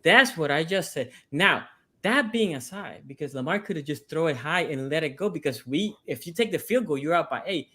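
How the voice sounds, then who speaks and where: A man's voice: on the high side, lively intonation, fairly quick, pushed and bright. A man on a sports podcast debating his team's game, stressing points by repeating them. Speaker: sports podcast panelist, team fan.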